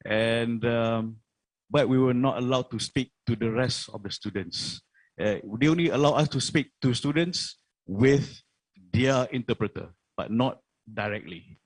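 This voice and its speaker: A man's voice: mid-range voice, no echo. Earnest Malaysian man at a forum. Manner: earnest, many fillers, mixes in Malay phrases. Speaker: forum panelist. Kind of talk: forum talk. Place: online forum.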